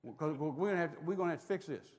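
A man preaching voices a group of excited, chattering angels watching the scene with amusement. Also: a little high, very fast, close to an everyday voice. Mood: eager. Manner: chattering, laughing.

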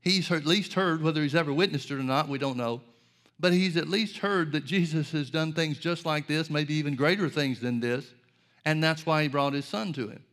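A man's voice: fairly high pitch, moderate pace, fairly bright tone. A man preaching a sermon, earnest and direct, asking rhetorical questions and addressing his listeners as folks.

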